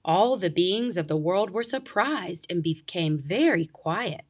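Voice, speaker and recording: A woman reading a picture book aloud, slow and expressive. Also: lowish voice, husky. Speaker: narrator.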